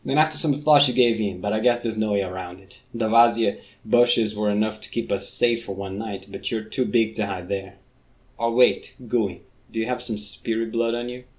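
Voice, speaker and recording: A man's voice: fairly low pitch, steady tone, normal speed, a little mellow. A man casually reading a book aloud and breaking off into joking, sweary asides. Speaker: reader.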